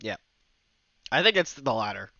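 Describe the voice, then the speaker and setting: Lively bright-voiced Australian man. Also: lowish voice, normal speed, gravelly, no echo, dull audio. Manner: laughs often, swears freely, joking. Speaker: podcast host. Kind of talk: casual podcast chat.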